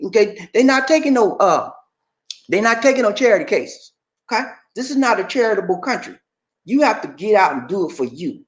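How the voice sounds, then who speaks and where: A man's voice: high voice, big pitch swings, a little fast. Male streamer, blunt and preachy, roomy echo. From Georgia, USA. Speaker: livestream host. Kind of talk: casual livestream chat. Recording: echoey room.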